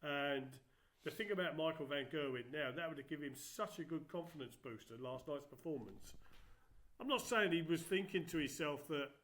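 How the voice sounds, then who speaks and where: A man's voice: on the high side, normal speed, fairly bright tone. A middle-aged man, a former darts player giving plain-spoken punditry. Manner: blunt, plain-spoken, teasing. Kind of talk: casual sports punditry.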